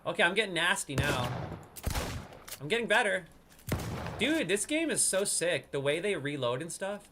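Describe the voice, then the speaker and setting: A man giving casual gameplay commentary as a streamer, excitable, swinging from hushed sneaking talk to loud outbursts. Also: high voice, normal speed, background noise. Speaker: gaming streamer.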